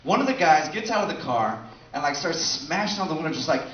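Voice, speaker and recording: A man's voice: fairly high pitch, lively intonation, racing, few pauses, slight background noise. A man doing a loose, profane stand-up set, chatting with the crowd and laughing often. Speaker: stand-up comedian. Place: comedy show at a bar venue. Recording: echoey room, distant mic, dull sound, audience laughter. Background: audience laughter.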